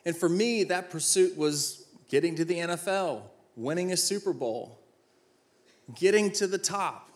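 This man speaks in a high voice and a bit slowly. He's in his thirties, once played football, and now gives an uplifting talk full of personal anecdotes, self-mocking jokes, and acted-out exchanges.

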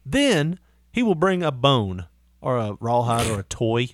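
A man's voice: mid-range voice, very animated, a little slow, dry recording, studio quality. A man hosting a casual chat, rambling through stories with frequent swearing and laughter. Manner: rambling storyteller, swears often, laughs a lot. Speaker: podcast host.

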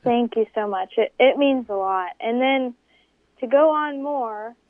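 A woman's voice: a little slow, no echo. Woman telling a story over a phone line. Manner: animated, acts out quoted voices with big pitch jumps. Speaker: interview guest, desert racer. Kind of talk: storytelling in conversation.

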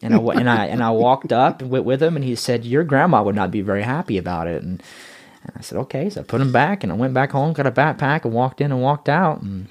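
A man telling his own story in a casual interview, rambling and repeating words as he grows excited. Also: medium pitch, quick pace.

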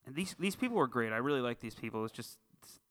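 A man's voice: medium pitch, quick pace. A man co-hosting a podcast, telling stories in casual chat and jumping into voices as he goes. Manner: animated storyteller, jumps into voices. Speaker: podcast co-host.

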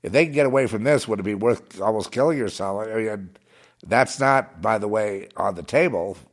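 A commentator with a lowish voice delivers a rambling political monologue, halting and restarting as he swings from muttering to agitated outbursts.

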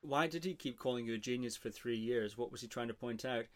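A man's voice: mid-range voice, fast. A man interviewing, asking direct follow-up questions.

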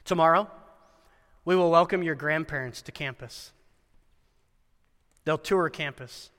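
Animated man preaching in a reverberant hall. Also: on the high side, measured pace, clear, resonant tone. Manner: animated storyteller with wry asides and dramatic quoted voices. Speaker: chapel speaker at a Christian school. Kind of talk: sermon.

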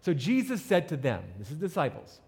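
A man preaching a sermon with an animated delivery, reading scripture and acting out the people in it. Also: on the high side, brisk, big-room sound. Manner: animated preaching, reads scripture and acts out quotes. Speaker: pastor.

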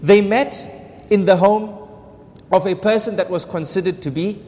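Male Islamic lecturer, higher voice, storytelling lesson, repeats points for emphasis. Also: steady tone, measured pace, a little mellow, big-room sound. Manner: repeats phrases, asks rhetorical questions.

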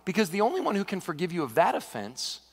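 A man preaching a sermon as pastor, animated and conversational with touches of humor. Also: high-pitched, fast talker. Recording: long reverb of a large hall.

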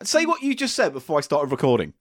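A man's voice: a little high, huge pitch swings, fast, fairly bright tone. A man co-hosting a comedy podcast, sweary and mock-exasperated in playful banter. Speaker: podcast co-host.

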